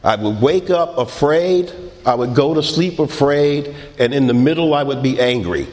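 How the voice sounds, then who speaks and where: A middle-aged man telling his own recovery story in an unhurried, wry way, laughing quietly at himself. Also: medium pitch, animated, long reverb tail. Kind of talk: personal recovery testimony.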